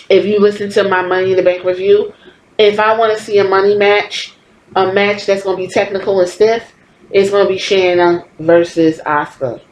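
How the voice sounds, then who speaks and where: A woman in her thirties talks casually and bluntly, swearing freely as she gives her opinions. Her voice sits at an ordinary middle pitch. The recording is roomy, with faint ambience behind her. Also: a little mellow, a little hiss or hum. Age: 30s. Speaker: podcast host. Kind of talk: casual wrestling commentary. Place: home.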